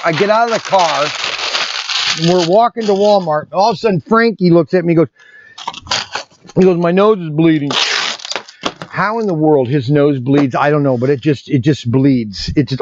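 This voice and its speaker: A toy shop owner rambles loosely in a casual vlog while packing orders in his shop's indoor packing area, frequently restarting his sentences. His voice is a little high for a man. A separate mic away from the camera gives a somewhat dull, lo-fi sound with a faint hiss.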